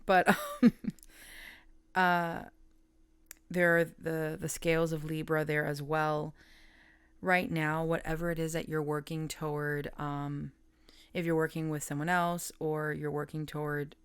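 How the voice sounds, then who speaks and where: A woman tarot reader with a deep, clear, resonant voice is recorded with no echo. She reads in a casual, chatty way, laughs often, trails off mid-thought, and coos softly at her pet.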